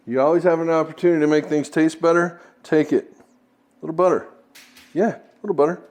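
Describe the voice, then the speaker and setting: This man's voice is a little high and a little mellow, with a steady tone and a slightly fast pace. He runs a relaxed home-kitchen cooking tutorial, joking, chatting and making self-deprecating remarks along the way.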